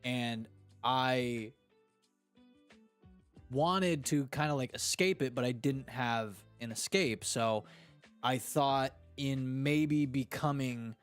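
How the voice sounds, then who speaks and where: A man hosting a casual podcast and reading live chat, talking in a slangy, animated way. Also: mid-range voice, slow, clean tone, soft background music. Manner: slangy and animated, fond of "dude" and "freaking".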